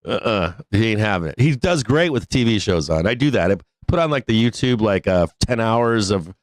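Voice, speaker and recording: A man with a lowish voice hosts a live stock market stream in a loose, rambling way. He swears freely and laughs as he talks. The sound is dry and close, with no room behind it. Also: expressive, moderate pace, no echo. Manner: rambling, profane, laughs often. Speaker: host of a live stock trading show. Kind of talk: casual live-stream talk.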